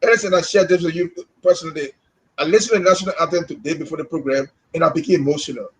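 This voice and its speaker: A man's voice: a little high, very fast, rough recording. A man with a Liberian English accent co-hosting a live podcast, speaking with passion and often repeating words as he gets stirred up. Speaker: co-host.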